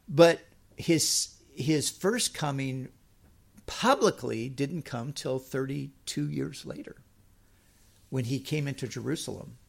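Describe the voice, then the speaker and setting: Gravelly, husky-voiced male preacher. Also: mid-range voice. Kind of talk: sermon with scripture reading.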